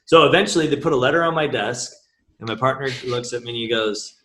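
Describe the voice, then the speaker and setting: A man's voice: medium pitch, quick pace, pushed and bright, slight background noise. A man guest on a podcast, frankly telling a personal story in a casual, emotional way and swearing freely. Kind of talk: candid conversational storytelling. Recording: roomy echo.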